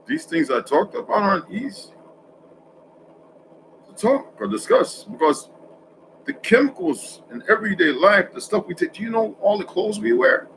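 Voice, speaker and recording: A man vlogging in a casual, rambling monologue, correcting himself often and swinging between loud stretches and hushed asides. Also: high-pitched, expressive, moderate pace, slight background noise, low-quality recording.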